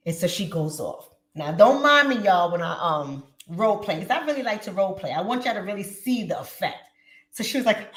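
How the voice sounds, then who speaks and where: A woman hosting her channel, chatting casually and talking straight to her viewers in an animated way. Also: lowish voice, fairly quick. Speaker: channel host. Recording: roomy echo.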